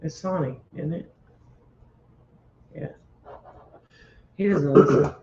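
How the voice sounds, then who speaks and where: A man with a voice a little on the high side, keeping the chat easygoing and laughing often. The audio is roomy and dull, with a faint hiss behind him. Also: slow, vocal fry, darkish tone. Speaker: livestream co-host. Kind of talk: casual livestream chat.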